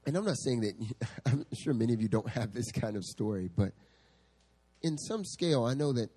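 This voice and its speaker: A male pastor preaches at a church service, telling stories with lively energy and frequent laughter. His mid-range voice has a husky, slightly breathy grain. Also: mid-range voice, normal speed. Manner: animated storytelling, laughs often. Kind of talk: sermon.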